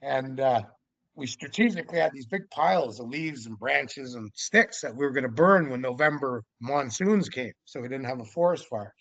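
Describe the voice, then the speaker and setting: Gravelly man spinning a lively yarn. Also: mid-range voice, normal speed, no room sound. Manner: lively storyteller who acts out scenes. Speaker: podcast guest. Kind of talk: casual storytelling. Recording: dull lo-fi audio.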